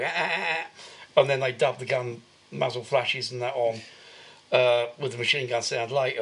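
A man's voice: mid-range voice, fairly bright tone. A man co-hosting a podcast, giving a rambling, filler-heavy recap of a film in casual chat. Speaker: podcast co-host.

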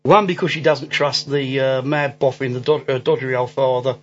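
A man's voice: mid-range voice, steady tone, fairly quick. A man, hosting a podcast, who recaps a movie plot in a rambling, laughing way full of ums and restarts. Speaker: podcast host. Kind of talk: casual movie-recap chat. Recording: dull lo-fi audio with faint music.

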